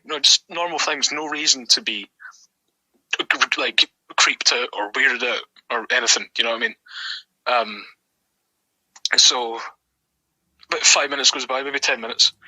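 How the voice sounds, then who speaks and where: A man's voice: mid-range voice, sharp tone, breathy edge, dry recording, rough recording. A young Scottish man telling a story in a casual, rambling way, swearing often and filling his talk with ums and likes. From Scotland. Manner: rambling and sweary, with many fillers. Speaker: guest.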